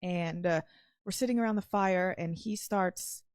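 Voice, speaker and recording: A woman's voice: fairly low pitch, a little slow, dry recording, studio quality. A young woman telling a personal story in casual talk, rambling with lots of "like" and swearing. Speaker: podcast guest.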